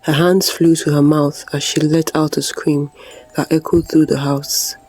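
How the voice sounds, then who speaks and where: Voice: medium pitch, flat delivery, unhurried, darkish tone, faint music behind, poor audio. A storyteller narrating a scripted folktale in a dramatic, suspenseful way.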